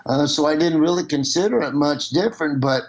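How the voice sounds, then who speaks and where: Middle-aged Nebraska-raised man, phone-in guest, rambling chat, slightly high pitch. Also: brisk. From Nebraska, USA. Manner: rambling, with restarts. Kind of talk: casual phone conversation.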